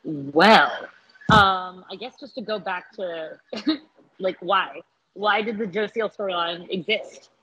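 A woman chatting casually about a TV episode, sarcastic and animated, laughing often and acting out quotes. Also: mid-range voice, slow pace, lo-fi sound, a little hiss or hum. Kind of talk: casual TV episode review chat.

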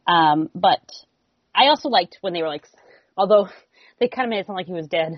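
A woman co-hosting a podcast, casually listing what she liked in an episode with many pauses and "um"s. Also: medium pitch, expressive, dry recording. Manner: easygoing, many "um"s. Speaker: podcast co-host. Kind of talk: casual TV recap chat. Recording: dry, muffled lo-fi audio.

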